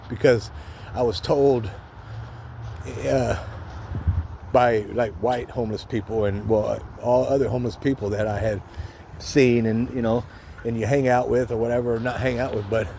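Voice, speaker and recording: Older guy, gravelly low mellow voice, rambling story outside, faint traffic behind. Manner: rambling, candid, restarts often, swears, acts out quotes. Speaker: vlogger telling a life story. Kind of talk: casual storytelling. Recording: faint street noise outdoors.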